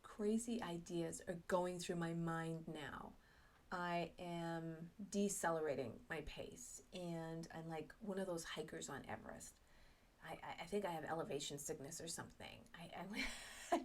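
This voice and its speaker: A middle-aged woman telling a personal story, self-mocking and animated, acting out her own thoughts. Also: on the low side. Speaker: speaker sharing a personal story.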